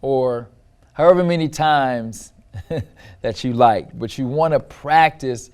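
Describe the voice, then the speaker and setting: A middle-aged man teaching how to write and perform a personal story, with expressive shifts in loudness and pitch and repetition for emphasis. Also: slow pace, clean tone. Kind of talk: instructional talk to camera.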